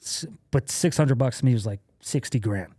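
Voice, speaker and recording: Man, comedian guest, casual storytelling, laughs a lot, acts out quotes, mid-pitched, dry close sound. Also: moderate pace, warm tone, husky, no echo. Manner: laughs often while telling stories, acts out quoted lines.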